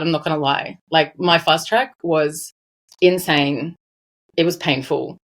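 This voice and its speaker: A woman in her forties chatting as a podcast guest, her voice sitting a touch low for a woman. She talks with animated emphasis and laughs often as she tells her story. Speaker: financial advisor guest. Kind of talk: casual interview chat.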